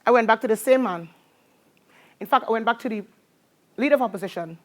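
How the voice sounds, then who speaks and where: A woman with a Trinidadian accent and a fairly high voice tells her story to a live audience. She speaks with animated energy and invites call-and-response like a preacher. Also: quick pace. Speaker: motivational speaker. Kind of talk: motivational talk to a live audience.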